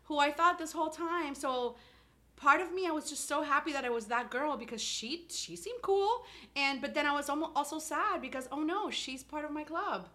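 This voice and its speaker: A woman's voice: high-pitched, lively intonation, normal speed, bright, forceful tone. A woman from South Florida co-hosting a podcast, telling a long-winded story in casual chat and laughing often. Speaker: podcast co-host.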